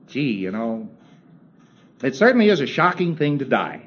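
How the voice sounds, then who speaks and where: A man's voice: medium pitch, sing-song, slow pace, pauses often. A man giving a recorded lecture in a conversational, wry way, acting out little exchanges and chuckling as he goes. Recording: dull lo-fi old tape with faint hiss.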